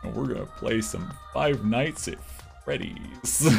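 A man streaming a game, swearing often, laughing and reacting loudly to what happens on screen. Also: mid-range voice, expressive, takes it slowly, gravelly, music in the background. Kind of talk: casual gameplay streaming.

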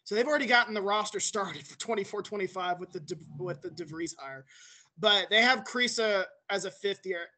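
A man's voice: high voice, fairly quick, sharp tone. A man guesting on a casual sports podcast, matter-of-fact as he reads through stats and roster lists.

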